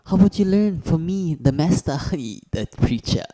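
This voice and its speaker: Comedy skit: man doing a dark-toned, swaggering kung fu champ, foul-mouthed, taunting in broken English. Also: on the high side, animated, moderate pace, close to an everyday voice. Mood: boastful taunting. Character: boastful foul-mouthed martial-arts champ, adult man, picks fights.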